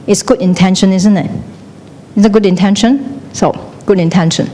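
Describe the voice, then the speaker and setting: A woman's voice: mid-range voice, moderate pace, mellow. A middle-aged woman gives a classroom lecture. She keeps asking the class questions and switches between English and Chinese. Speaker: teacher. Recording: long hall reverb, faint noise.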